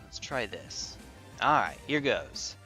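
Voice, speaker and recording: A man chats casually as he streams online battles, joking and thinking aloud while he repeats himself. His delivery is unhurried, but his pitch swings widely. Faint music plays behind him. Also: very animated, bright, forceful tone. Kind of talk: casual livestream commentary.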